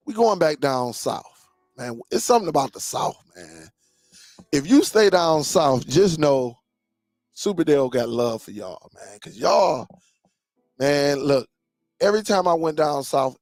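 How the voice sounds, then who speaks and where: A live stream host in his forties, he talks with viewers in an easygoing way, spinning stories and frequently saying "man." His voice is a little high and a little mellow, with no room sound.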